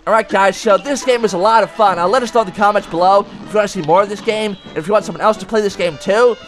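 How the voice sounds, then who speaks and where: A man voicing an excitable male cat, commenting on a game, yelping and talking back to the bosses. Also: high voice, quick pace, faint music behind. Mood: excited. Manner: yelps and screams, talks to the bosses. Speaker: let's play gamer.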